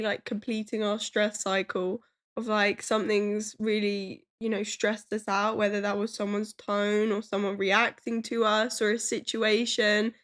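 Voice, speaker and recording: A young woman appearing as a podcast guest, speaking in a reflective, hesitant way full of fillers. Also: mid-range voice. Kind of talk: casual podcast chat.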